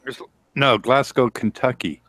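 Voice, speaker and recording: A man in casual group chat who talks in a low-key way and trails off. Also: a little slow, fairly bright tone, no room sound.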